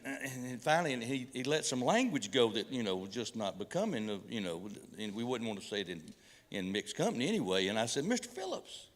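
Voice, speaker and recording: A middle-aged pastor spins folksy hunting stories into a sermon, stumbling and restarting as he goes. He mixes humor with preaching in a relaxed, homespun way. His voice rings through a large church hall with a long reverb tail. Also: medium pitch.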